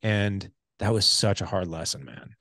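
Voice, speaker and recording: Gravelly low-voiced middle-aged man. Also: measured pace, pushed and bright, no echo, studio quality. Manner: candid, casual, many fillers like dude and man. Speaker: podcast guest. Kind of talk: emotional personal storytelling.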